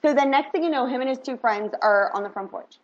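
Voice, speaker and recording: A woman's voice: high-pitched, quick pace. Chatty middle-aged woman telling a story. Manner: chatty, animated, full of "like" and "right?". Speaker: vlogger. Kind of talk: casual storytelling. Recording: dull lo-fi recording.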